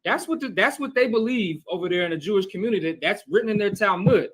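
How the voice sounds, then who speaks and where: Guy with a high voice running a bible class, chatty, keeps asking right?. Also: animated, fast talker, husky, poor audio. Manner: conversational, keeps checking with "right?" and calling on readers. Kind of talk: scripture teaching.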